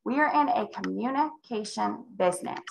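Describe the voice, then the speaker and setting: A woman sales coach leading a live call, emphatic and acting out client conversations with big swings in pitch. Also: expressive, moderate pace, creaky, roomy sound, slight background noise, poor audio. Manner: emphatic, role-plays client dialogue with big pitch jumps. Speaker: real estate sales coach.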